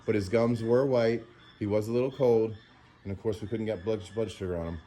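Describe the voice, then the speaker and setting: A man's voice: lowish voice, steady tone, fairly quick. A tired man vlogging at home after a sleepless night, rambling with lots of fillers as he talks to the camera. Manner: rambling, filler-heavy, soft baby talk to a puppy. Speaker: animal sanctuary vlogger. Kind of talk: casual talk to camera.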